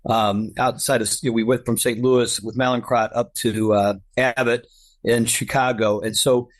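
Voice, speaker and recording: A middle-aged man from the United States chats as a podcast guest. He sounds upbeat and grateful, with a middle-range voice, and tells family stories in a relaxed, easy way. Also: medium pitch, normal speed. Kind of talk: casual conversation.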